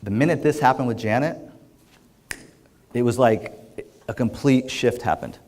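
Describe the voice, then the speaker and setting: A man's voice: medium pitch, moderate pace, a little mellow. A middle-aged man, an executive coach, telling a client story to an audience and acting out the quoted lines with energy.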